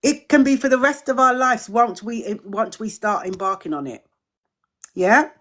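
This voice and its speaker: A woman's voice: a little high, normal speed, a bit bright. A middle-aged woman hosting a live-streamed community drop-in, chatting casually, welcoming viewers and answering their questions with repeated phrases.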